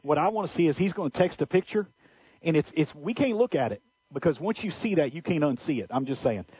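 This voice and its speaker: Dude joking around on the radio, quick, husky, kinda muffled. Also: male voice, on the high side, animated, no echo. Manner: self-mocking, comic storytelling. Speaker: guest car dealer. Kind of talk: joking banter. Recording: dull radio broadcast sound.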